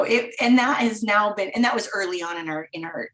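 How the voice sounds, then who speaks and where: A woman's voice: mid-range voice, brisk, poor audio. A woman guest in a casual interview, talking with enthusiasm and laughing often. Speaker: guest, chalet owner.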